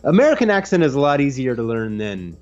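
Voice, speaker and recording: A man's voice: medium pitch, fast talker, lo-fi sound, soft background music. A man co-hosting a casual gaming show, teasing his co-host and reading out viewer questions. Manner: animated, teasing. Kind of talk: casual podcast chat while playing games.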